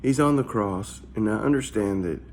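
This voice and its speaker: A man's voice: lowish voice, moderate pace, a little hiss or hum. A man, a pastor, giving a casual morning devotional in a conversational, searching way, often repeating his words. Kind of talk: short devotional talk.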